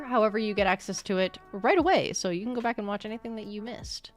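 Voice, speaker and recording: Bubbly, lively young woman streamer. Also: medium pitch, clear, resonant tone. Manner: bubbly, laughs often, talks back to chat. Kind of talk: casual livestream chat while gaming.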